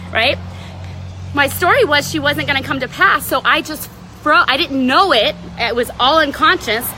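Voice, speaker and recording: A woman in her thirties giving a casual motivational talk as a life coach, animated and tagging lines with "right?". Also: high voice, background noise. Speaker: life coach hosting a live video.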